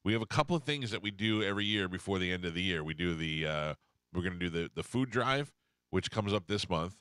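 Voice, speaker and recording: A man's voice: low voice, animated, fairly bright tone, clear, resonant tone, no echo. A man hosting a morning radio show, telling loose stories in casual chat. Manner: loose storytelling, quick asides.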